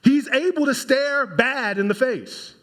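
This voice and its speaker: A man, a pastor, preaching a sermon in an animated way and talking straight to his congregation. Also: very high voice, a little slow.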